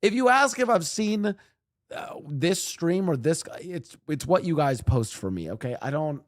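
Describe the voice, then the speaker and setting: A man's voice: on the high side, lively intonation, moderate pace, no echo, clean studio sound. A man streaming and reacting to clips, rambling animatedly and talking to his chat.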